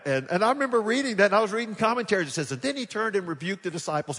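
A man preaching a sermon as pastor, moving from hushed, soft passages to loud, animated bursts where he acts out scenes. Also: high-pitched, fast talker, few pauses, husky. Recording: long hall reverb.

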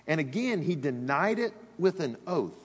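Preacher, a man with a husky voice, animated and conversational from the pulpit in a big reverberant hall. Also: fairly high pitch, moderate pace. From Alabama, US. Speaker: pastor. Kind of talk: sermon. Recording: long reverb of a large hall.

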